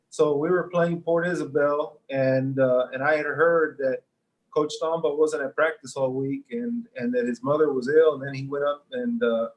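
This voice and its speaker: A man, a high school football coach, speaking in an earnest, sincere, measured way over a video call. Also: rough recording. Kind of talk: casual remote interview.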